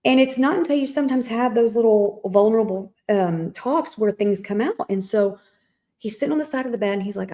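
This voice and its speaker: A middle-aged woman co-hosting a podcast, telling a family story in a casual, animated way and acting out the voices in it. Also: medium pitch, a little fast. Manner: animated storyteller, acts out quoted dialogue. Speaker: podcast co-host.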